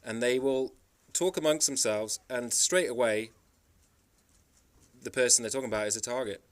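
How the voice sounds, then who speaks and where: Smooth-voiced man from the Isle of Man. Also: medium pitch, moderate pace. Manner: rambling, emphatic storytelling with frequent restarts. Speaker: travel vlogger. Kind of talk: casual monologue.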